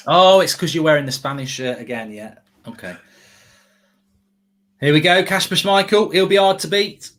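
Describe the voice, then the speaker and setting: An English man co-hosting a live football watchalong, talking in an animated, ranting way and swearing casually. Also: a little high, measured pace, long pauses.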